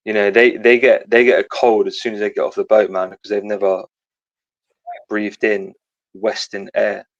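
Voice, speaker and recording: A man's voice: lowish voice, level tone, moderate pace, no room sound, muffled recording. A young man, a radio caller chatting casually in a slangy, rambling way with lots of swearing. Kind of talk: casual phone-in chat.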